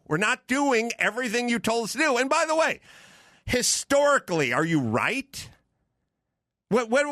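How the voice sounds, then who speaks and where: Podcast host on a sweary rant, loud at times, dry close studio sound, high pitched. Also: male voice, no echo. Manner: profane, emphatic, repetitive, shouting at times.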